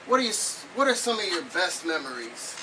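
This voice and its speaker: A man conducts a wrestling interview, asking questions with a teasing, needling edge. His voice sits a little high. He is picked up from a distance, with clear noise in the background. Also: sing-song, fairly quick.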